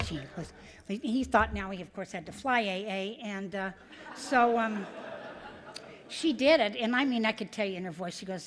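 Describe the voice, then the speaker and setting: A woman's voice: medium pitch, normal speed. A woman speaking at a recovery meeting, telling a personal story with many fillers and acting out the voices she quotes.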